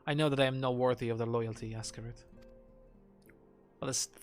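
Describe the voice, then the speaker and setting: A formal, earnest young noble commander from a fantasy game, read aloud by a man streaming live. He speaks in stately, old-fashioned phrases at a middling pitch. Soft game music plays underneath. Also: steady tone, brisk, natural voice. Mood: solemn.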